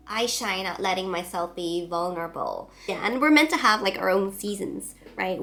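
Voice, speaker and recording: A woman in her thirties talks to her viewers in a relaxed, reflective vlog. Her delivery is soft and open, full of small fillers and trailing pauses. Faint music sits quietly under her voice. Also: medium pitch. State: nasal from a cold. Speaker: vlogger. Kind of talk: reflective casual vlog talk.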